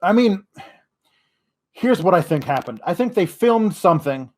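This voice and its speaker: A man's voice: high voice, expressive, normal speed. A man hosting a wrestling podcast, ranting in exasperation with frequent swearing. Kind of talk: podcast rant.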